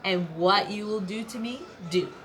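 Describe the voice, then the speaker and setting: A woman's voice: mid-range voice, measured pace, slight background noise, close to an everyday voice. Bold little kenki dumpling, female, unafraid; woman reader plays her. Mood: defiant. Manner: calm and defiant. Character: brave bold female half ball of kenki.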